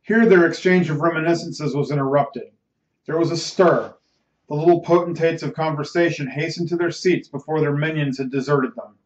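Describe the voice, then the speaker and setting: A man's voice: on the high side, a little mellow. Man reading a gothic novel aloud. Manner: measured, dramatic reading with a self-correction. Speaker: audiobook reader, host. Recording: roomy, slightly muffled recording.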